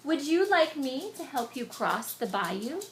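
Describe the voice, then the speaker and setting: A woman voicing a clever, falsely polite old crocodile in a storybook reading, speaking in a smooth, coaxing way. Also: high-pitched, sing-song, measured pace, slight background noise. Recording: echoey room.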